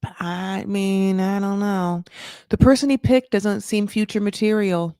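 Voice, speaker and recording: A woman in her thirties hosting a casual recap, chatty and swearing, with lots of "like" and sudden jumps in pitch for emphasis. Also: a little slow, smooth, no room sound, clean studio sound. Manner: lively, jumps high for emphasis. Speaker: recap podcast host. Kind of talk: casual chat.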